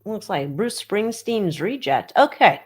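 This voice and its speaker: A woman hosting a casual livestream, mocking and gossipy, with loud exclamations, talking into her webcam. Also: mid-range voice, sing-song, measured pace, husky. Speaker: livestream host reading tarot on tabloid stories.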